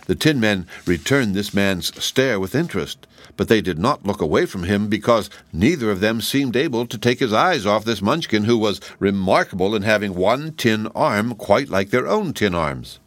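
A man reading a children's book aloud as an expressive storyteller. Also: fairly low pitch, moderate pace, no room sound.

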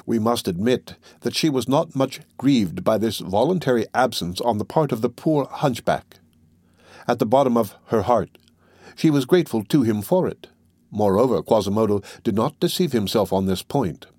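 A man reading a classic novel aloud as audiobook narration, measured and steady. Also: mid-range voice, dry recording, studio quality. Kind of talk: scripted narration.

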